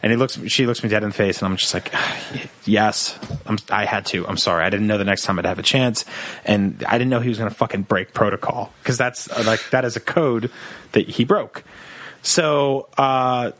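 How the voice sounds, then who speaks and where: Animated young man telling a story, dry sound. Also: lowish voice, fairly quick, dry recording. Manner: animated storyteller, acts out quoted voices. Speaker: podcast co-host. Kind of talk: casual comedy podcast storytelling.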